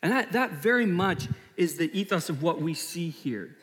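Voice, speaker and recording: A man in his thirties preaching a sermon as a pastor, emphatic and animated, often repeating himself. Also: fairly high pitch, moderate pace. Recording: long hall reverb.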